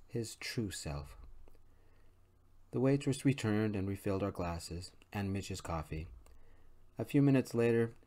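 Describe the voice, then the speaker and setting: A man reads an audiobook in a hushed, soft-spoken ASMR manner. His voice sits fairly low and stays gentle throughout. The delivery is calm, quiet first-person narration.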